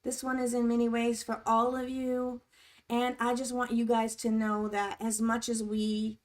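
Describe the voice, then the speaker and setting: A woman's voice: fairly high pitch, flat delivery, measured pace. Supportive woman hosting a livestream chat. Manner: warm, supportive, reads chat aloud. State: tearing up. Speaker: livestream host.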